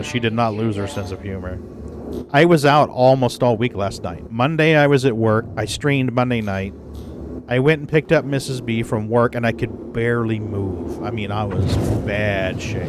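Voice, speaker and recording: A man's voice: mid-range voice, noisy background. Profane man streaming a game while sick. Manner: profane, laughs often, chats with viewers. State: recovering from the flu, coughs when laughing. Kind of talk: casual live-stream chat while gaming.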